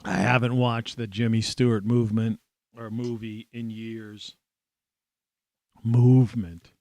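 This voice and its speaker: A man hosting a solo talk show, hoarse today, rambling with many fillers and restarts. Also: fairly low pitch, little pitch movement, measured pace, no echo. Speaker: podcast host. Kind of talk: solo monologue.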